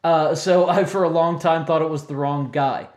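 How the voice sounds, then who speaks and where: A man's voice: fairly high pitch, steady tone, moderate pace. A man in his forties co-hosting a casual chat about movie soundtracks, talking chattily, often laughing and correcting himself mid-sentence. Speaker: podcast co-host.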